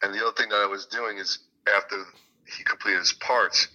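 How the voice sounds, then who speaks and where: A male music producer and guitarist chats in an interview, telling long stories. His voice sits a bit low but carries a sharp, bright edge. He rambles, restarts sentences and leans on fillers. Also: steady tone, brisk, poor audio. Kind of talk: casual interview chat.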